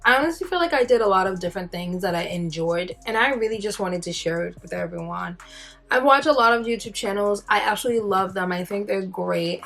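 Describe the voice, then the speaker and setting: A woman's voice: mid-range voice, gravelly, fairly bright tone. A woman chatting casually as she walks through her makeup routine, rambling, self-deprecating, full of fillers. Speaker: beauty vlogger. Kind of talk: casual makeup tutorial chat.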